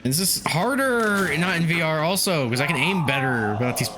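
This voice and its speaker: A man's voice: fairly high pitch, lively intonation, moderate pace, background noise. A man casually commenting while streaming a video game, cursing and laughing often. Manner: loose, profane, laughs often.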